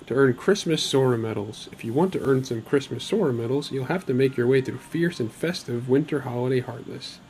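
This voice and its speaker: A man's voice: mid-range voice, a little mellow, a little hiss or hum. A man hosting his own gaming channel, talking casually over gameplay in a chatty, upbeat way with rambling asides.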